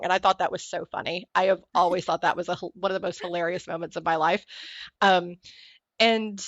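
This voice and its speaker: A woman being interviewed on a podcast shares stories openly at a brisk pace, acting out quoted voices between fits of laughter. She has a fairly low pitch, and the sound is lo-fi with no echo.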